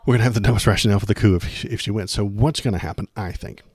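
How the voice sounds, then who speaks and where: A man with a low voice hosts a casual political commentary stream. He sounds sarcastic and exasperated and hammers his points home by repeating them. The recording is close and dry. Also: rapid-fire, a little mellow, husky, no echo. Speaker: streamer host.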